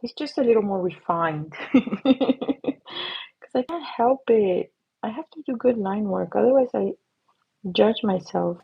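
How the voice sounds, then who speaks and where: A woman's voice: mid-range voice, animated, slow pace, gravelly, pauses often, breathy edge, lo-fi sound. A middle-aged woman hosting a casual livestream while she paints, chatty and playful, slipping into silly voices and whispers. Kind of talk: casual live-stream chat while painting. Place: at her painting desk.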